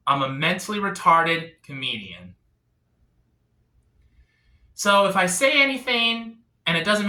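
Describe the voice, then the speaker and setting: A male stand-up comic talks to a crowd in a bright, ringing voice that leaps up and down in pitch. His setups are confessional and deadpan, and the sound reverberates in an echoey room. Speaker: stand-up comedian. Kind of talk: stand-up comedy set.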